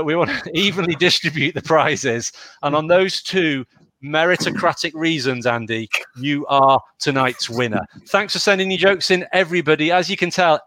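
A man's voice: on the high side, fairly bright tone, no room sound. Chatty Welsh-born man reading jokes. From Wales. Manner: chatty, laughs at the jokes, stumbles over names. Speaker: host reading viewer jokes. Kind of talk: casual live-stream chat.

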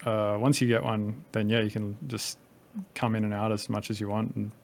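A man's voice: lowish voice, flat delivery, moderate pace, creaky, a little mellow. A man in his thirties from Australia with a light Australian accent, a podcast guest talking casually in a rambling way and swearing freely.

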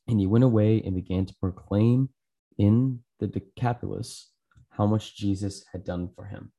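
A man hosting a channel, reading a Bible chapter aloud in a steady, earnest way with small slips. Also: lowish voice, husky. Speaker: scripture reader, channel host.

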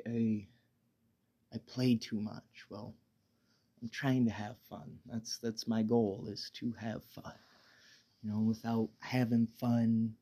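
Mellow, rambling stoned man podcasting. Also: lowish voice, breathy edge. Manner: rambling, laid-back, swears a lot, stammers and restarts. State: high on weed. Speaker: podcast host. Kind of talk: casual solo podcast monologue.

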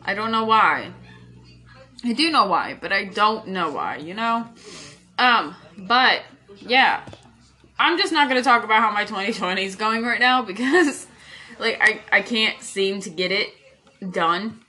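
A woman's voice: medium pitch, animated, unhurried, bright, forceful tone. A woman hosting a casual solo podcast from her bedroom at home, rambling and chatty, swearing freely and laughing often. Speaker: podcast host. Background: puppies crying.

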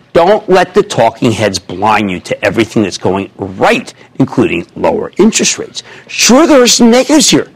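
A man in his sixties hosting a finance TV show, giving emphatic, jokey stock commentary to callers. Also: a little high. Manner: emphatic, jokey, fast asides. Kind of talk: animated stock commentary taking calls.

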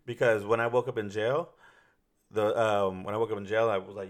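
Rambling man, low-pitched. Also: steady tone, brisk. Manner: rambling, profane storytelling with many fillers and restarts. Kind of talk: casual chat.

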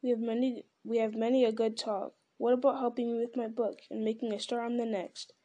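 A talkative old hobbit rambles fondly, as a woman reads him aloud. His voice is mellow and a little high. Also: level tone, fairly quick, dull audio, lightly acted. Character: elderly male hobbit, chatty and fond.

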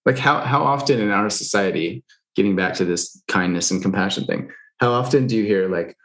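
Man, very low voice, casual talk, candid, filler-heavy, swears now and then. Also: quick pace, a bit bright. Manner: loose and candid, many fillers, swears freely. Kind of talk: casual conversation.

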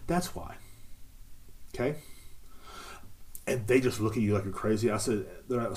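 Man, fairly low pitch, casual podcast monologue, rambling, jokey. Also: moderate pace, pauses often, darkish tone. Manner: rambling, jokey storytelling with frequent fillers. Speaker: podcast host.

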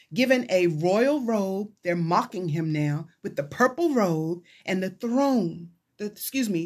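Preaching a sermon in a medium-pitched voice with a breathy edge, a woman chaplain retells scripture. She dramatizes the voices of its characters and rises into excited pleas.

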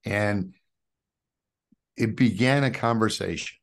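A middle-aged man from New York tells his faith story as a podcast guest, in a voice that sits somewhat low. He talks in an animated, storytelling way and calls the host brother. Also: slow. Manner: animated storyteller who acts out quoted dialogue. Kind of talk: personal faith testimony.

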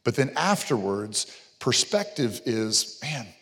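A man's voice: medium pitch, normal speed. Middle-aged guy preaching, jokey storyteller, big hall reverb. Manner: animated joking storyteller, gets loud on punchlines. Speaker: pastor. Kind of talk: sermon storytelling. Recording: long reverb of a large hall.

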